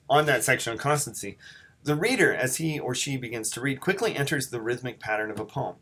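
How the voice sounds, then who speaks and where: A man giving a recorded lecture on poetry at a steady middle pitch. He thinks aloud as he goes, restarting his phrases and reading passages out to make his point. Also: slight background noise. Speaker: teacher.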